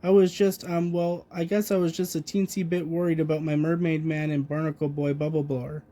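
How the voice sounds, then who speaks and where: A man reading aloud puts on a high-strung, excitable cartoon sea sponge, a fussy young male hero from a storybook. His voice sits raised and mellow, eager and quick to worry. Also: natural voice. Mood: excited.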